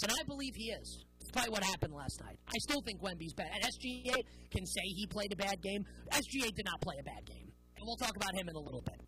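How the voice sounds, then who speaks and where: A woman's voice: medium pitch, fairly bright tone, poor audio. A woman hosting a sports talk show, delivering an opinionated, sarcastic monologue with emphatic stresses.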